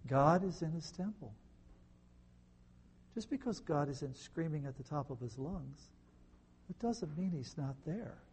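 A man giving conversational Bible teaching, firing rhetorical questions at listeners with wry, sarcastic asides and swinging between soft and loud delivery. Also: a little high, expressive, measured pace, pauses often, slight background noise. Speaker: pastor.

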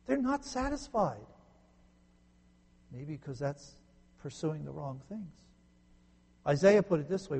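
Guy pastor giving a sermon, mellow gravelly voice, big echoey church hall. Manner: preacherly, rising to emphatic peaks then dropping low. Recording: long reverb in a large hall.

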